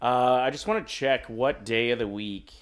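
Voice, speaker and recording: A man's voice: medium pitch, normal speed. A man co-hosting a casual morning talk show, rambling and joking as he chats. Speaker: co-host.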